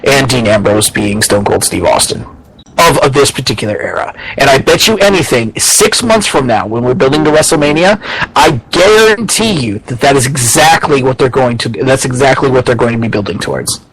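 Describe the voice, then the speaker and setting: Brisk and animated, this man's mid-range voice has a fairly bright, husky tone, captured on a rough recording. He's a podcast co-host in loose wrestling chat, opinionated and rambling, cursing freely and frequently starting his sentences over.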